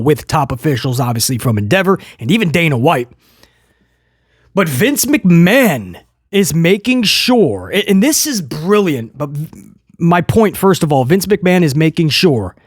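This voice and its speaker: Lively, excitable wrestling news host. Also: male voice, fairly high pitch, no echo, studio quality. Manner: excitable, rambling, jokey asides. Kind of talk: casual news commentary to viewers.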